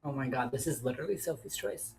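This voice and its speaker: A woman's voice: rumbling low, fast, darkish tone, slightly rough. A woman co-hosting a casual podcast chat, swearing freely and hamming up mock outrage for laughs. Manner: profane, dramatic outrage played for laughs. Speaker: podcast co-host.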